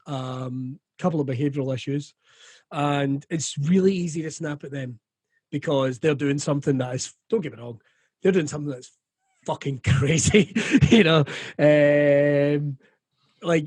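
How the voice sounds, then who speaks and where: Sweary, animated Scottish man. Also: on the high side, unhurried, no room sound. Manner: animated, sweary, acts out quoted voices. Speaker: comedian guest. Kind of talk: candid conversational interview.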